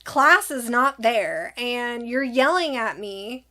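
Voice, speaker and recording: Animated middle-aged woman telling a story. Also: fairly high pitch. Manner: animated, acts out both sides of the argument in quick reported dialogue. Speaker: vlogger telling a personal story. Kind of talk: casual storytime.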